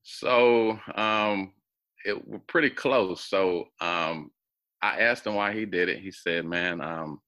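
A man telling a personal story as an interview guest, animated and acting out the voices of people he quotes. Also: deep voice, slow.

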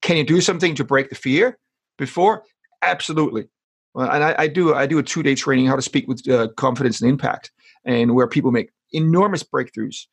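A man's voice: medium pitch, brisk, vocal fry, husky. A man speaks as a guest in a casual interview. He is earnest and often repeats words while he works out his thoughts. He coaches public speaking.

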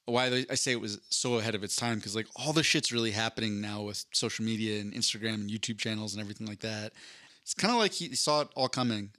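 A man's voice: on the low side, fast talker, bright, forceful tone, no room sound, clean studio sound. A young man co-hosting a podcast, chatting casually in a rambling, joking way with many stumbles and restarts. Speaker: podcast co-host. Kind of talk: casual comedic chat.

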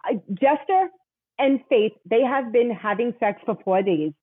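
Husky fortysomething woman gabbing about her writing, voice jumps all over, kinda muffled. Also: a little high, unhurried, no room sound. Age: 40s. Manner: animated storyteller, laughs often, acts out quotes. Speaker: romance novelist guest. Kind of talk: casual podcast chat.

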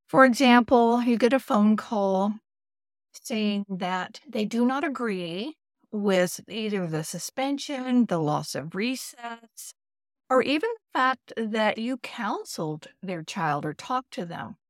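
Woman podcast host, school principal, unhurried delivery, candid, dry close sound. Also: mid-range voice, lively intonation, no room sound. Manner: candid, laughs at herself, acts out parent voices. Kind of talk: solo podcast talk.

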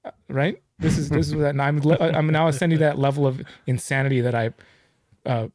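A man's voice: a little high, steady tone, brisk, darkish tone, dry recording, studio quality. A man talking as a guest on a podcast in a rambling, self-mocking way. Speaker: guest snake keeper. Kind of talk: casual podcast chat.

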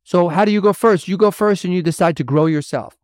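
A man's voice: high voice, fairly quick, darkish tone, no echo, studio quality. A man hosting a motivational podcast as a mentor to men, talking bluntly and emphatically with lots of repetition. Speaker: podcast host and men's mentor.

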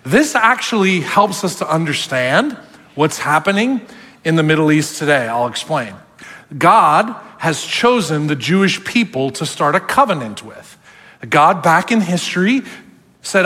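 A male pastor delivers a sermon with a high, lively voice that swings up and down as he preaches. He acts out the voices he quotes along the way. His voice carries a long reverb from a large church hall. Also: unhurried.

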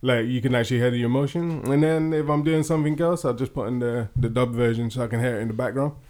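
A man's voice: medium pitch, steady tone, fast, darkish tone. A man co-hosting a podcast in casual chat, laid-back and slangy. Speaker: podcast co-host.

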